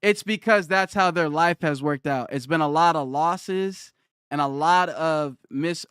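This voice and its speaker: A man's voice: fairly high pitch, fairly bright tone, smooth, no echo, clean studio sound. A man on a live stream, ranting back at his chat in a combative, mocking way and hammering the same points over and over. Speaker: livestreamer. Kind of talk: livestream rant answering chat.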